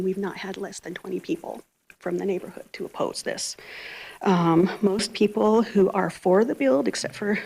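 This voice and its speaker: Soft-spoken middle-aged woman, gravelly voice. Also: fairly low pitch, poor audio. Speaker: resident giving public comment. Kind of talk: reading a prepared statement at a council meeting. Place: city council chamber.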